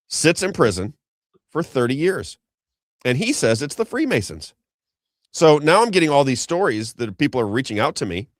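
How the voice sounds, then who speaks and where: A man's voice: mid-range voice, no room sound, studio quality. A middle-aged man hosting an unscripted political commentary show, talking in a rambling, emphatic way that repeats points and keeps turning to his co-host. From Missouri, USA.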